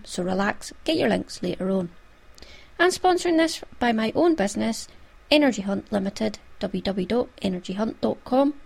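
A woman's voice: a little high, vocal fry, a little mellow. A woman with a Scottish accent hosting her own podcast in a chatty, homely way, full of little asides. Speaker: podcast host. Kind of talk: casual podcast chat.

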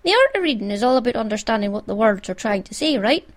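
A woman's voice: fairly high pitch, expressive, fast, close to an everyday voice. A tiny fierce pixie man, as a Scottish woman reads him out. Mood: knowing.

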